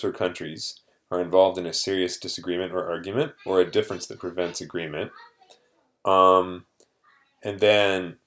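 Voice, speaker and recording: Male teacher, low voice, patient vocabulary explainer with filler pauses. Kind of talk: vocabulary lesson to students.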